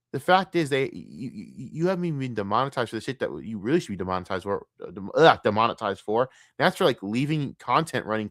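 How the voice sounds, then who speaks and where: A man's voice: medium pitch, fairly bright tone, no room sound, clean studio sound. A male streamer delivering blunt, profane, repetitive ranting commentary while reacting to a video.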